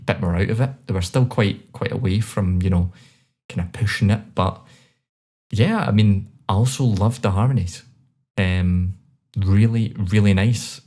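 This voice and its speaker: A man with a Scottish accent co-hosting a podcast, reviewing songs in a relaxed, chatty way with many fillers. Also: sits low. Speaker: podcast co-host. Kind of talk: casual chat.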